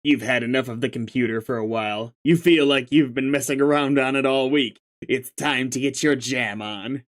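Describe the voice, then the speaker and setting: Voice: medium pitch, normal speed. A reader going through a webcomic aloud, mixing narration with casual, profane commentary. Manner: casual, profane, laughs often. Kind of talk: reading a comic aloud with commentary.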